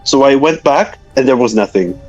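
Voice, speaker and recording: A man's voice: medium pitch, expressive, normal speed, faint music behind, rough recording. A man from Slovakia in his thirties with a Slovak accent, telling a story as a guest in a casual interview, with hesitant, filler-heavy, nonnative phrasing.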